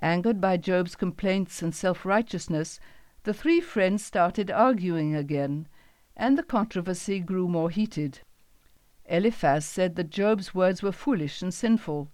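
A woman's voice: on the low side, a little slow, a little mellow, dry recording. Woman narrating a Bible story, dry close sound.

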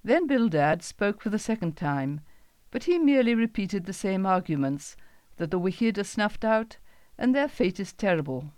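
A woman reading a Bible story aloud as narrator, in a measured, even storytelling delivery. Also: mid-range voice, no room sound.

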